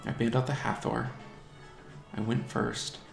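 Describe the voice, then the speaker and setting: With a level, creaky, mid-range voice at a measured pace, a man casually narrates his own online game match for his gaming channel. He talks strategy aloud and teases the rival monsters, and the roomy home recording has faint music.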